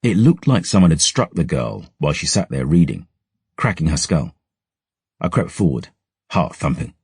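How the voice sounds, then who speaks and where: A man narrating a dark fantasy audiobook in a measured, brooding storytelling manner, close to a studio mic. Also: rumbling low, very animated, breathy edge, dry recording.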